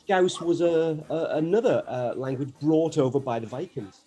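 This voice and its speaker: A man's voice: on the high side, moderate pace, mellow, slightly rough, lo-fi sound, soft background music. A man hosting a school radio show in chatty, casual talk with frequent restarts. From North East England. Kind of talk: casual live chat.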